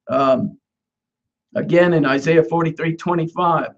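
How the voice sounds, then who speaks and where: A man's voice: on the high side, measured pace, muffled recording. A man, a messianic rabbi, preaching a conversational sermon and stressing repeated Hebrew words. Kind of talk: sermon teaching on scripture.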